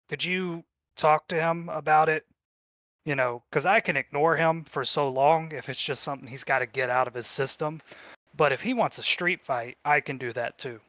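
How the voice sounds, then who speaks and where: A man narrating a tabletop game as game master, telling the story in a relaxed way with fillers. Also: medium pitch, no echo.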